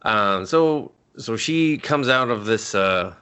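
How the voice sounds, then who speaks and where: A man's voice: on the low side, lively intonation, slow, pushed and bright, clean tone. A man co-hosting a movie review podcast, casually recapping scenes, swearing and acting out characters' lines. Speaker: podcast co-host.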